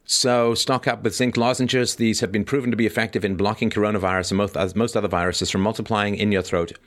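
Chatty low-voiced male live-streamer. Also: steady tone, quick pace, a bit bright. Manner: chatty, joking asides between read-out points. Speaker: podcast host. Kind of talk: live-streamed commentary reading advice.

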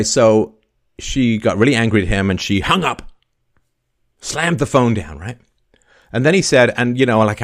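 A man hosting a call-in show, telling an animated story and acting out the quoted voices. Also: medium pitch. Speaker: podcast host.

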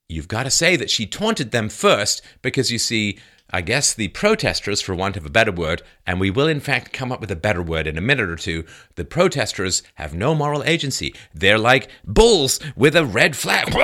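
A man's voice: on the low side, sing-song, fairly quick, bright, forceful tone. A man delivering an emphatic, sarcastic political commentary monologue.

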